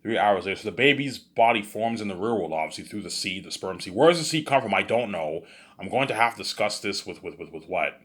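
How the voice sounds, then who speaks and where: A man spins an improvised story in a loose, boastful ramble, tripping over restarts and leaning on the same filler phrases again and again. His voice is low and husky, with a breathy roughness. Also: animated, fast talker, fairly bright tone. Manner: repetitive filler, stumbling restarts. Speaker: storyteller, vlogger.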